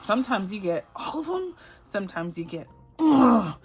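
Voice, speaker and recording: A woman's voice: medium pitch, very animated, brisk, slightly rough, soft background music. A woman from Texas chatting casually and giggling as she counts up her savings challenge sums aloud on her budgeting channel. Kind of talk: casual chat while doing savings challenges.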